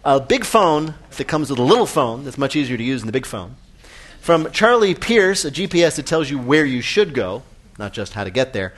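A man hosting a radio quiz show in an upbeat, brisk, emphatic way. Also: medium pitch, sing-song, fairly bright tone.

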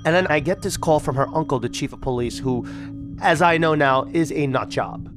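A man in an interview, casually telling his own story in an animated, chatty way, with music playing underneath. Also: a little high, brisk. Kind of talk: casual first-person storytelling.

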